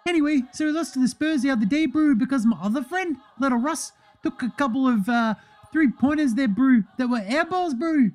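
A man's voice: very high-pitched, lively intonation, a little fast, a little mellow, voice pushed up. A man impersonating a playful young male basketball star with a New Zealand accent, ending every sentence with "eh, bro". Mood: cheeky. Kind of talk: comedic impression monologue.

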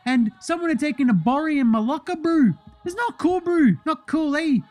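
A man's voice: very high voice, normal speed, pitched above the performer's own voice. A man impersonating a playful young male basketball star with a New Zealand accent, ending every sentence with "eh, bro". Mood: cheeky. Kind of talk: comedic impression monologue.

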